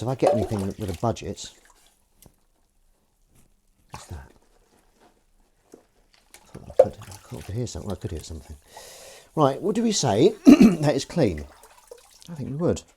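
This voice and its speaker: A man's voice: on the low side, noisy background. A man hosting a live stream, chatting casually and playfully while doing the washing up in his kitchen. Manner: playful, chatty, jumps into sing-song voices. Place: home kitchen at the sink.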